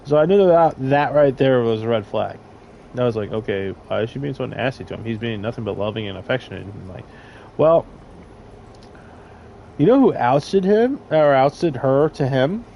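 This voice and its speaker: A man's voice: medium pitch, animated, moderate pace, creaky, lo-fi sound, slight background noise. A young man telling a crude, rambling story in casual chat, trailing off with fillers. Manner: rambling, crude, loud laughing bursts.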